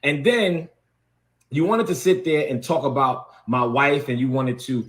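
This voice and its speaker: A man's voice: medium pitch, measured pace, fairly bright tone. A man, a bishop, delivering a heated, confrontational video rant and repeating words for emphasis.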